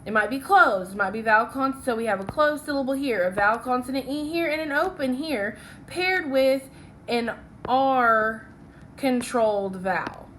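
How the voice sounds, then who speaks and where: A young woman teacher leading a phonics lesson, talking slowly and checking in often with "okay?" as she writes along. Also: high-pitched, lively intonation, a bit bright, a little hiss or hum. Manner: slow, patient, checks in with "okay?".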